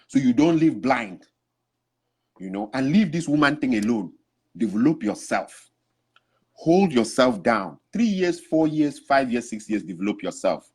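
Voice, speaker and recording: A man's voice: mid-range voice, big pitch swings, a little slow, breathy edge. A man giving an impassioned, preachy talk to other men, urging them to change and acting out other people's words along the way. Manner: preachy, urgent, mimics others mid-story. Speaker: speaker addressing African men. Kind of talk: impassioned exhortation with acted-out quotes.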